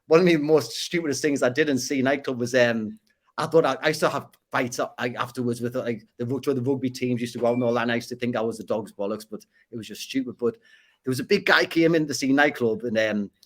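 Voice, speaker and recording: Fast-talking Geordie man. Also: mid-range voice. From Northeast England. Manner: rapid, repeats and restarts words. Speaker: podcast guest. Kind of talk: casual interview storytelling.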